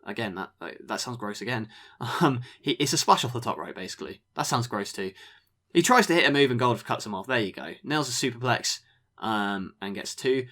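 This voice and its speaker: A man co-hosting a podcast, recapping wrestling matches in a relaxed way, full of ums. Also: medium pitch, a little fast. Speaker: podcast co-host. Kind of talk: casual review chat.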